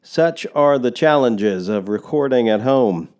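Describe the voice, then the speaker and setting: A man's voice: medium pitch, expressive, a little slow, darkish tone, clean tone, highs cut off. A man acting as host, giving a formal introduction to a guest preacher.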